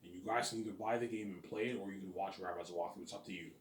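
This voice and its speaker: A man's voice: sits low, racing, a little hiss or hum. A man vlogging in a casual rambling monologue, full of fillers, restarts and the odd curse word. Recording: roomy echoing room.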